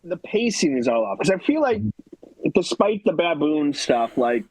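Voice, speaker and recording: Husky, higher-voiced man on a movie podcast. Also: very animated, moderate pace, a little mellow, dry recording, poor audio. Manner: loose, "like"-heavy. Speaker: podcast co-host. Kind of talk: casual movie discussion.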